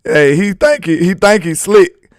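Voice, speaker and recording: A young man hosting a sports live stream, reading chat and loudly teasing viewers with laughter. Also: high-pitched, lively intonation, unhurried, no room sound, studio quality. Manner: loud trash talk, laughing and teasing viewers. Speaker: sports channel host.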